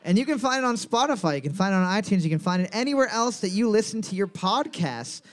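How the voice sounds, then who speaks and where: A man's voice: high voice, expressive, fast talker. A man hosting a live trivia night for a podcast, reading questions and teasing the players with jokes and frequent laughter. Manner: jokey, teasing, laughs often. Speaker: trivia host.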